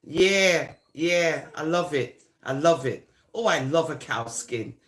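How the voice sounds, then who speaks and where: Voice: medium pitch, expressive, fairly bright tone. A speaker from Jamaica, delivering a teasing, taunting comic monologue and drawing words out. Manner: teasing, sing-song, drawn-out words.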